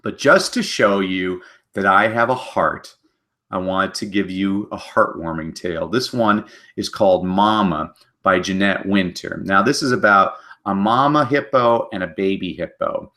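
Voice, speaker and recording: A man giving an energetic webinar talk on children's books, telling stories and briefly doing character voices. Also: sits low. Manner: animated storyteller, does quick character voices. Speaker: literacy speaker giving book talks.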